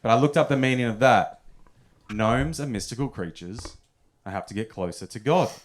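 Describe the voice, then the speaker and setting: A man's voice: medium pitch, normal speed, slight background noise. A young man telling stories in a stand-up set at a comedy club, often chuckling at his own punchlines.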